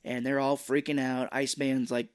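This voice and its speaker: A man's voice: mid-range voice, flat delivery, smooth. Man recapping a movie with impressions. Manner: retells scenes with quick impressions of characters. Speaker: podcast co-host. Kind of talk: casual movie recap podcast.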